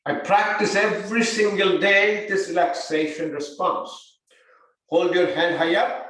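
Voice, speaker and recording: An older man teaching yoga therapy, giving calm guided instruction and repeating breathing cues. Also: sits high, a little slow. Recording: very echoey room, mic far off.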